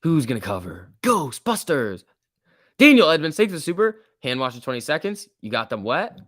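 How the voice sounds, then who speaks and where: A man hosting a casual livestream, giving excitable running commentary and answering chat. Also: fairly high pitch, normal speed, dry recording, clean studio sound. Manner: excitable, reacts aloud and reads chat. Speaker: livestream host. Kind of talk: casual live market commentary.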